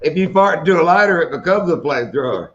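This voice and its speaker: A man co-hosting a joking live stream, delivering wisecracks with drawn-out punchlines. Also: on the high side, expressive, a bit bright, slight background noise. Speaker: co-host. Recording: dull lo-fi audio.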